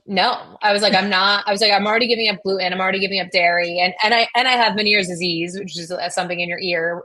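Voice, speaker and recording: A middle-aged woman with a lowish, bright voice and a forceful tone tells a rambling personal story in casual conversation. As a guest, she packs it with fillers and quoted dialogue.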